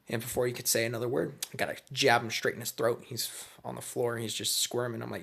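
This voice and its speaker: A man's voice: mid-range voice, little pitch movement, fairly quick, creaky, hardly any pauses, fairly bright tone, husky. A man casually telling a made-up fan story, crude, slangy and rambling.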